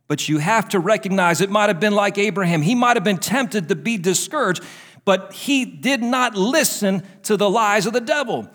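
A man's voice: sits high, fairly bright tone. A male pastor delivering a sermon, fervent and emphatic, repeating phrases for effect.

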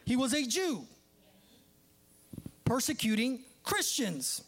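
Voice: mid-range voice, big pitch swings, unhurried, long pauses. A preacher giving a sermon in a conversational style, with joking asides and laughter.

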